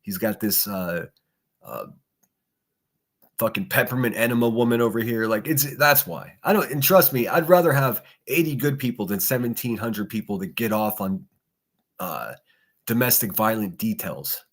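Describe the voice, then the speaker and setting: A man's voice: fairly low pitch, expressive, moderate pace. A man hosting a solo livestream podcast, reacting to clips with mocking, profane sarcasm. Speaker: podcast host.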